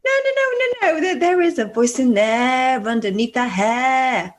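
A woman co-hosts a radio dating show, her higher voice leaping up and down constantly. She is bubbly, giggly and excitable in the banter. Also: measured pace. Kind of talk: playful banter.

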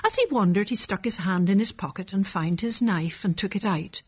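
A woman narrating a children's storybook in a calm, measured reading. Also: medium pitch, breathy edge.

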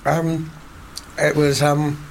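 A man's voice: on the high side, completely flat delivery, drawn-out words, vocal fry, a little hiss or hum. A man co-hosting a casual podcast chat, jokey and wry. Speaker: podcast co-host.

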